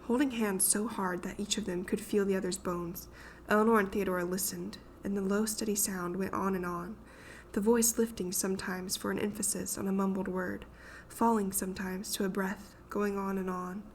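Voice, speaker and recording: A woman's voice: mid-range voice, fairly even intonation, normal speed, a little hiss or hum. Woman narrating a suspenseful audiobook.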